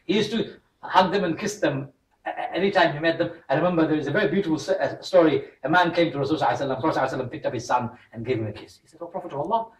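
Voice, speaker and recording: Animated man preaching in a roomy hall. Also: a little high. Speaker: imam giving a talk. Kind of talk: religious talk to a congregation. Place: mosque community hall. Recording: roomy hall, voice from a distant mic.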